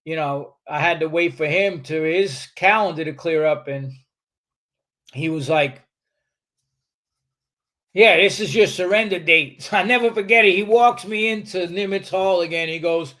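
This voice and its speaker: A man tells a story on a podcast, swearing freely and acting out what others said. His voice sits high for a man. He talks in a lively, streetwise way. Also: moderate pace. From New York, USA. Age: 60s. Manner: animated, profane, acts out other people's lines. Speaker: podcast guest. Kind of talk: storytelling in a casual interview.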